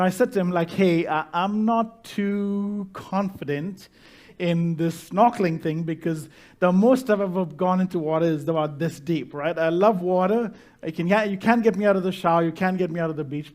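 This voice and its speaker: A male pastor telling a personal story in a sermon, animated and laughing at himself. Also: sits high. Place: church stage.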